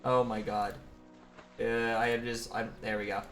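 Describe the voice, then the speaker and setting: A woman's voice: rumbling low, little pitch movement, unhurried, faint music behind. A woman streamer giving casual commentary while playing a game, laughing often and swearing when surprised.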